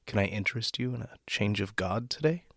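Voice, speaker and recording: A man's voice: lowish voice, lively intonation, brisk, a bit bright, no echo, studio quality. A man voicing an eager male door-to-door salesman of gods, with chirpy, ingratiating patter in a storybook reading.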